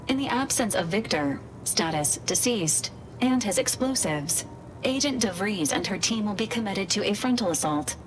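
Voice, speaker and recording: A woman voicing a calm, formal female ship computer in a video game, giving crisp military briefings. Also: medium pitch, close to an everyday voice.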